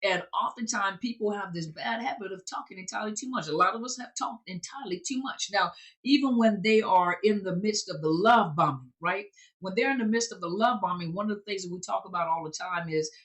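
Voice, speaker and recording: A woman's voice: medium pitch, brisk, a bit bright. A woman therapist and recovery coach giving an informal teaching talk, conversational and repeating phrases for emphasis.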